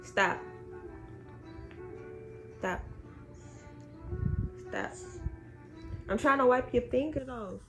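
Young mom on a phone livestream, raspy voice, sing-song baby talk, music and noise behind. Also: female voice, fairly high pitch, lively intonation, drawn-out words, pauses often, low-quality recording. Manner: coos and talks to her baby, repeating words in a playful sing-song. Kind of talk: casual livestream chat with her baby.

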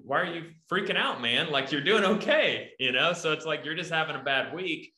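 A man co-hosting a podcast, giving animated, emphatic advice in numbered points. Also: mid-range voice. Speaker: podcast co-host. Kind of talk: casual podcast talk. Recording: echoey room.

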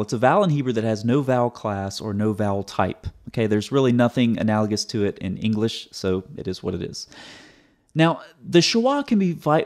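A man's voice: medium pitch, a little mellow. A man hosting his own video, giving a teaching commentary in a sarcastic, explanatory way and often repeating words as he restarts. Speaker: host.

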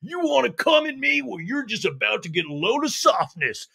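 A man putting on a brash, boastful reality-TV woman who yells and swears with swagger. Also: sits high, big pitch swings, moderate pace, vocal fry, breathy edge, pitched above the performer's own voice, heavily acted. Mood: defiant. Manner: yelling, swaggering, profane.

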